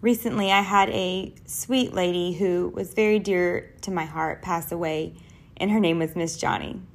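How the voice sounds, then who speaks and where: A woman's voice: on the low side, fairly even intonation, normal speed, gravelly. A young adult woman hosting a podcast and talking in an earnest, personal, conversational way. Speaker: podcast host. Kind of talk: solo podcast talk.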